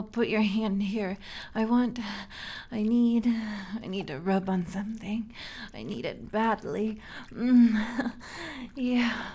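Speaking at medium pitch in a heavily acted style, a young woman whispers the part of a curious, gentle alien in a borrowed human body. She is playful, breathy and soft, pausing haltingly and repeating words often.

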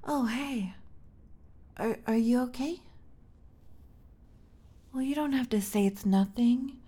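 In a whispered role-play, a young woman plays a curious, gentle alien inhabiting a borrowed human body, her fairly high voice breathy and soft. The mood is tender as she speaks softly and haltingly, often repeating words.

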